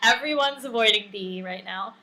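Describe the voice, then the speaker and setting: A woman's voice: mid-range voice, normal speed, heavy background noise. A woman co-hosting a podcast, chatting casually and animatedly with lots of fillers and laughs. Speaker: podcast co-host. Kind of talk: casual recap chat.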